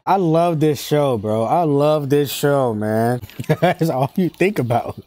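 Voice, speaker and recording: A man hosting an anime reaction video, talking in excited, slangy casual commentary, laughing often and repeating himself. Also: a little high, takes it slowly. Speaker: anime reaction channel host.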